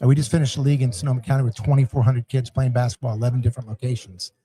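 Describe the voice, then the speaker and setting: The league founder talks very fast now, his mid-range voice husky, as he chats with the podcast host. Animated throughout, he impersonates coaches and yelling parents and scats rhythms while recounting stories.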